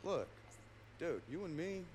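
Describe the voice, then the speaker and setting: A swaggering, foul-mouthed biker gang boss in a video game, pitched fairly high and swinging his voice up and down. He preaches and mocks in the same breath. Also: big pitch swings, unhurried, background noise. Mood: coaxing. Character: brash male biker gang leader, crude. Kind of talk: video game cutscene acting.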